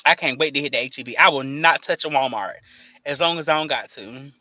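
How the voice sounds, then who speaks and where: A woman's voice: extremely low pitch, brisk, bright, forceful tone, no echo. A woman hosting a casual livestream, playful and slangy, laughing often as she chats to her viewers. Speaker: livestream host. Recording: dull lo-fi stream audio.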